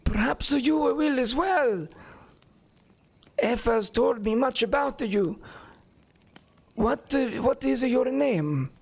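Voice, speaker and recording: A man voicing a frail old man in a wheelchair, who speaks formally and stately, with hesitant pauses. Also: very high voice, expressive, creaky, slightly rough, voice pushed up, heavily acted.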